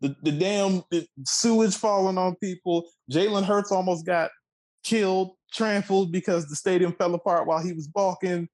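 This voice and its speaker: Young dude from the dc area going off on a swear-heavy sports rant, kinda high voice. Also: male voice, steady tone, moderate pace, darkish tone, low-quality recording. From Washington, D.C. area. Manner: profane, heated and emphatic, with slangy repetition. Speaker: co-host. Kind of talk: sports talk podcast rant.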